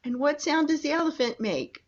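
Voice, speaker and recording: A woman's voice: sits high, expressive, moderate pace, muffled recording. An older woman, a grandmother, reading a picture book to small grandchildren in a coaxing, sing-song way. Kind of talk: children's storybook reading.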